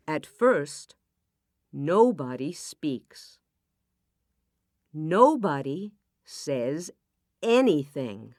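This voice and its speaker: A woman reading a children's story aloud in clear, deliberate, simple sentences. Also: sits low, no echo, clean studio sound. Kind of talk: slow storybook narration for learners.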